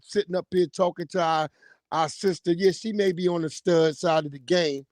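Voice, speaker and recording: A man with a notably high voice delivers a heated, profane livestream rant, mocking and loud at times. The sound is dry and close to the mic, with no room around it. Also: normal speed, no echo. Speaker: livestream host.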